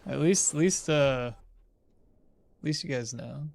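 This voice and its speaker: A man's voice: mid-range voice, slow, gravelly, a little mellow. A man streaming a game live, chatting casually, rambling into asides and chuckling often. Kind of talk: casual live-stream chat while playing.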